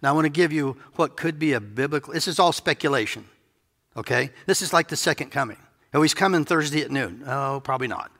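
Gravelly, bright-voiced man preaching in a hall. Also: a little high, expressive, quick pace. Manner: conversational, musing, playful asides. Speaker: pastor. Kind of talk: sermon. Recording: reverberant hall.

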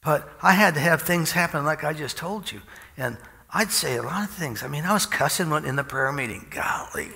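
Gravelly, bright-voiced man preaching casually. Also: fairly high pitch, expressive, a little fast, in a large hall. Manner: folksy storytelling, chuckles often. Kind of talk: informal sermon.

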